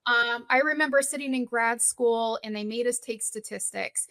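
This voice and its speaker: A woman's voice: on the high side, moderate pace, no echo. A middle-aged woman therapist and social worker in a podcast interview, telling stories expressively and laughing often. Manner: warm, expressive storyteller who laughs often.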